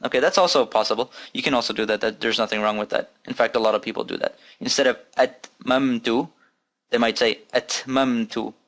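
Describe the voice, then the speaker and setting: A man's voice: fairly low pitch, steady tone, racing, hardly any pauses, a bit bright. A man teaching an Arabic reading lesson, patiently repeating letter sounds and asking students to follow along. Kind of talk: recorded language lesson.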